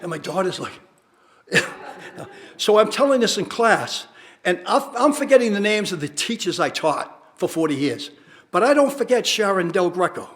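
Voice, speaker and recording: A man's voice: high voice, very animated, a bit bright. An older man, a retired teacher and researcher, rambling through wry stories and drawing out his punchlines. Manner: wry storyteller, drawn-out punchlines. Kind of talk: rambling anecdotal talk.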